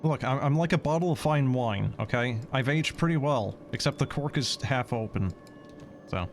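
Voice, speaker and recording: A man's voice: mid-range voice, lively intonation, normal speed, slight background noise. A man streaming a game in casual chat, sarcastic and swearing as he answers chat.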